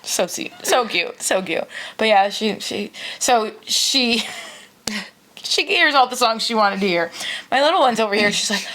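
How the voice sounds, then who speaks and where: A woman's voice: a little high, normal speed. A woman in her thirties, co-hosting a podcast, telling family stories in casual chat and laughing often. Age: 30s. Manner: animated storyteller, laughs often. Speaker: podcast co-host.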